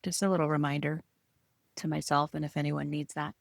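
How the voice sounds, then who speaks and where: A woman's voice: sits low, little pitch movement, brisk, gravelly, no echo, clean studio sound. A woman co-hosting a podcast about art, speaking in a thoughtful, encouraging way. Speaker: podcast co-host. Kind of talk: casual chat.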